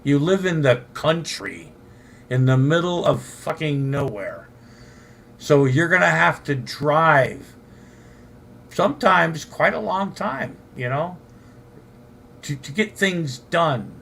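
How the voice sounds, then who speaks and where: An older man from southern california hosts a late-night livestream, talking slowly in a gravelly voice with a bright, sharp edge. he rambles and swears and keeps answering the chat. faint background noise sits under his voice. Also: fairly high pitch, lively intonation. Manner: profane, rambling, talks back to chat. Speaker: livestream host.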